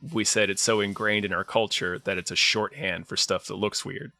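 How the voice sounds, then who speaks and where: A man in a casual podcast chat, talking in a lively, laughing, profane way. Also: on the low side, moderate pace, vocal fry, no room sound. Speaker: podcast co-host.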